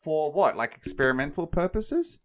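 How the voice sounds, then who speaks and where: A man's voice: fairly high pitch, wildly swooping pitch, moderate pace. A young man co-hosting a podcast, playing along with mock-sincere questions and frequent laughter. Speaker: podcast co-host. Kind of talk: comedic podcast banter.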